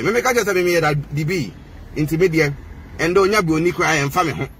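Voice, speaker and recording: Ghanaian man with a notably high voice; confrontational, taunting rant, slight hiss in the background. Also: fairly bright tone. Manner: heated, mocking, mixing languages. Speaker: social media personality.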